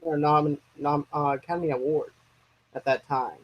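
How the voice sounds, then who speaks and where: A man's voice: fairly high pitch, steady tone, normal speed, highs cut off. A man co-hosting a casual movie discussion, rambling and restarting his sentences as he works through his opinions. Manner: rambling, restarts and trails off mid-thought. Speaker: co-host of a movie discussion channel.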